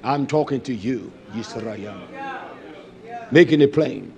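A man preaching a sermon, shifting from loud emphatic exhortation to low intense delivery. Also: slow, gravelly.

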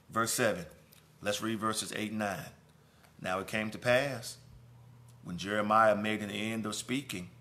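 Bright-voiced preaching pastor. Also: male voice, medium pitch. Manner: preaching with emphatic repetition, swelling and dropping in volume; conversational asides and restarts. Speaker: pastor teaching a Sunday school lesson. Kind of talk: sermon-style Bible lesson.

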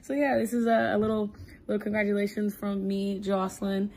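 Older cousin, woman, relaxed slangy delivery, faint noise behind. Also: medium pitch, a little fast. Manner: casual, slangy and laughing. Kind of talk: casual video message.

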